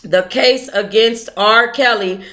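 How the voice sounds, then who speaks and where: A woman hosting an online book club, chatting casually and breaking into dramatic, excitable outbursts while talking to herself. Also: a little high, takes it slowly. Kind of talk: casual livestream chat.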